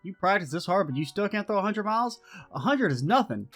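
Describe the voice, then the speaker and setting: A man voicing a blunt, cocky teenage boy who talks in a gruff, dismissive way. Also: high-pitched, big pitch swings, fast talker, a bit bright, faint music behind, exaggerated voice.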